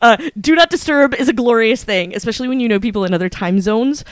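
A woman co-hosting a podcast, telling a story in a casual chat and acting out her own excited reactions. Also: fairly high pitch, quick pace, smooth, no echo. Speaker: podcast co-host.

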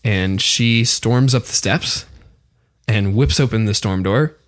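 A man co-hosting a podcast, slowly narrating his scene in a tabletop game with hesitant pauses. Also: fairly low pitch, no echo, studio quality. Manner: hesitant, drawn-out narration with fillers. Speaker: podcast co-host, game player.

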